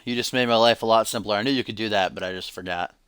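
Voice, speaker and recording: A man's voice: fairly low pitch, fast, fairly bright tone, smooth, no room sound, studio quality. A man hosting a live stream, giving joking play-by-play of a wrestling video game between chat asides. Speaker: stream host and commentator.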